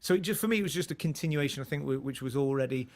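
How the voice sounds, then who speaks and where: A medium-pitched, slightly mellow man in his forties talks very fast as a comedian guest. In relaxed conversation he tells a rambling personal story, frequently restarting and laughing.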